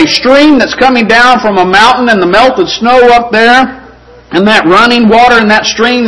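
A male pastor preaching a sermon in an earnest, conversational way, slowing down and softening on scripture and key points. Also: high voice, rough recording.

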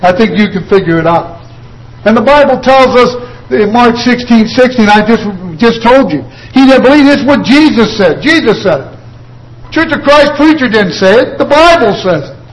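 A male preacher with a notably high-pitched voice delivers a sermon. He drives his points home with repeated phrases and rhetorical questions, quoting scripture along the way. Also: lively intonation, normal speed, low-quality recording.

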